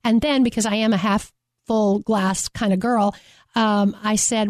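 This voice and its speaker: A woman's voice: mid-range voice, fairly even intonation, measured pace, dry recording, studio quality. A woman guest from a domestic violence agency, speaking passionately and emphatically in a radio interview and repeating her key phrases. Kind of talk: earnest radio interview talk.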